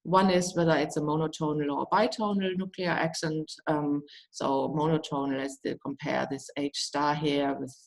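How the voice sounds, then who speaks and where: A woman's voice: low voice, gravelly, rough recording. A woman giving an academic lecture, explaining step by step with many fillers and restarts. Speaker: guest lecturer.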